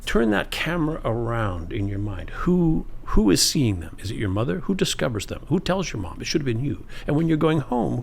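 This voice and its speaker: A man's voice: mid-range voice, gravelly, slight background noise. A middle-aged man, a podcast guest, telling self-deprecating stories and acting out the voices of people in them. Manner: self-deprecating storyteller, acts out other voices. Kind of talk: telling anecdotes.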